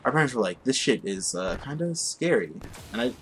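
A man's voice: mid-range voice, sing-song, brisk. A young man casually telling a rambling, profane story while commenting on his gameplay. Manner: rambling, profane, easily distracted by the game.

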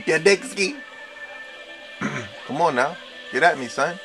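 Young man, gamer, unhurried trash talk, slangy and excitable, slightly high voice. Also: creaky, soft background music. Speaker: gamer playing online. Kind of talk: live gameplay commentary.

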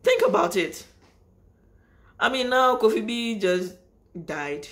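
A woman's voice: fairly high pitch, expressive, slow, a bit bright. Woman, casual vlog monologue, emphatic, repeats lines, rambling restarts. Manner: emphatic, repeats phrases for stress; rambling with restarts, addresses viewers directly. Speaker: vlogger. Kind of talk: casual spoken monologue to camera.

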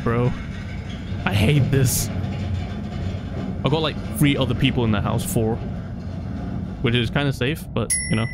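A man's voice: medium pitch, heavy background noise. A man giving casual commentary while playing a horror game, jumpy and swearing constantly. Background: game music.

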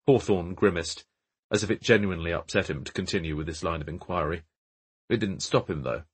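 A man reads a crime novel aloud in a measured, low-key voice. His tone is low and husky throughout. The reading is calm and steady. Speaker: audiobook narrator. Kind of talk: scripted narration.

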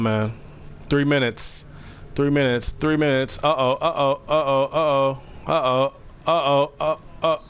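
A young man giving casual, slangy, excitable commentary over a basketball video game, trash-talking the players. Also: mid-range voice, vocal fry. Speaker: gaming commentator.

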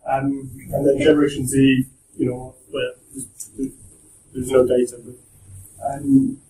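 A man's voice: medium pitch, little pitch movement, a little slow, warm tone, slight background noise. A young man giving a casual, joking talk to students, chatty and full of restarts. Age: young adult. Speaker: guest speaker at a university talk. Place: lecture room. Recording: echoey room from far off.

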